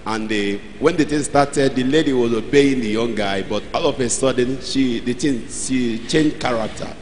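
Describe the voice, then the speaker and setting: A man from the congregation telling a story haltingly, with many restarts, in a church hall. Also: mid-range voice, a little hiss or hum. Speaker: congregation member asking a question.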